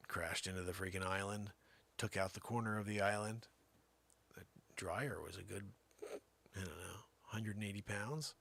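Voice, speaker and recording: A man's voice: low voice, fairly even intonation, normal speed, gravelly, fairly bright tone, husky. A middle-aged man hosting a comedy show, spinning a rambling tall-tale monologue with theatrical jumps in voice.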